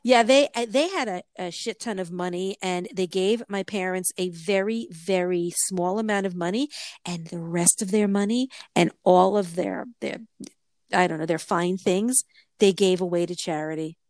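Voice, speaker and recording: A middle-aged woman in casual conversation, telling a long personal story with restarts, laughs and lively quoted voices. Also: moderate pace, no echo, studio quality. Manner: rambling storyteller, frequent restarts and laughter, swinging pitch when quoting. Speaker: co-host of a chat show. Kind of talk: casual chat.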